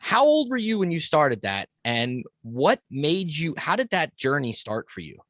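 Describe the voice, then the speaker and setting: A man hosting a podcast, speaking in a reflective, soft-spoken way in casual conversation on a front porch. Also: a little high, sing-song, a little slow, dry recording, clean studio sound. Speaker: podcast host.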